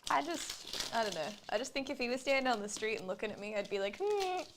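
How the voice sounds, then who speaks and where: A woman's voice: a little high, fast talker. A woman hosting a livestream card break, chatting casually with a giggly manner and trailing off her thoughts. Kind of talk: casual chat. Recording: noisy room with pack crinkling. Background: crinkling of card packs.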